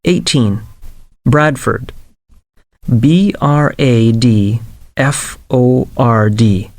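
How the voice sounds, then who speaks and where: A man narrates a language-class listening drill, pausing to spell each word letter by letter. He keeps an unhurried pace, and his voice sounds close and dry with no room around it. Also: mid-range voice, a little mellow, dry recording. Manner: slow, carefully spelled-out dictation. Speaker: lesson narrator. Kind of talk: scripted listening exercise reading.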